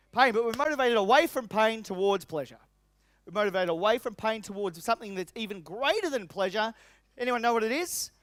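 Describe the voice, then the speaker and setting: A middle-aged male business coach works the room with energetic, emphatic talk, firing questions straight at the audience. His voice sits high for a man and comes through dry and close, with no room echo. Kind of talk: motivational seminar talk. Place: seminar venue.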